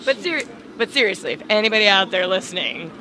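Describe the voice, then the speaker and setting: A woman's voice: medium pitch, expressive, quick pace, background noise. A woman doing live curling commentary at a curling club, teasing her co-host dryly and steering back to the game. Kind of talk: live sport commentary, joking banter.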